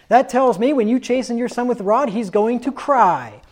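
A man's voice: extremely high pitch, moderate pace, few pauses, darkish tone. A man preaching a sermon in a stern, insistent tone, reading scripture aloud and asking rhetorical questions.

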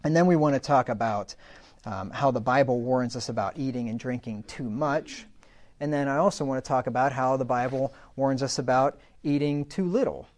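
A man's voice: mid-range voice, moderate pace, a little mellow. A man teaching a Bible lesson from the pulpit, in a conversational way with asides and self-corrections. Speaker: pastor. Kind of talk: sermon-style Bible teaching.

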